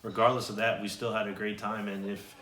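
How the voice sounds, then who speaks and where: A man's voice: lowish voice, level tone, brisk, bright, forceful tone, roomy sound. A young man co-hosting a vlog, telling a story in a chatty, easygoing way with some stumbles. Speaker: vlog co-host. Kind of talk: casual storytelling to camera.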